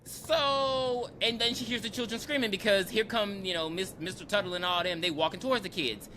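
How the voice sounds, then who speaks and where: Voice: mid-range voice, fairly quick, slight background noise. A podcast co-host casually recapping a film, acting out the characters' lines and swearing freely. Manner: animated, acts out characters' lines; swears freely, calls listeners baby. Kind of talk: casual movie recap chat.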